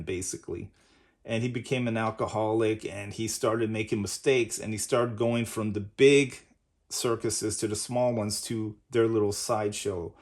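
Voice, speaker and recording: A man's voice: lowish voice, darkish tone. Rambling male comic reviewer. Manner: rambling, says "basically" often. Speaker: comic book reviewer, host.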